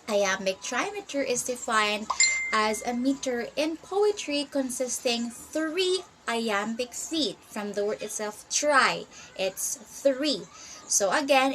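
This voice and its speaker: A young woman presents a lesson on poetic meter at a very slow, deliberate pace. Her voice sits a little high, and there is faint noise in the background. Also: a bit bright, low-quality recording. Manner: slow, careful explaining with fillers. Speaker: student presenter. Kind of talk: class presentation on poetry.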